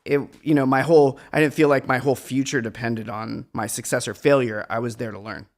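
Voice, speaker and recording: Gravelly-voiced man musing aloud. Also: medium pitch, steady tone, a little fast. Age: middle-aged. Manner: meandering, reflective, self-deprecating. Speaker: guest musician. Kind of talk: casual conversation.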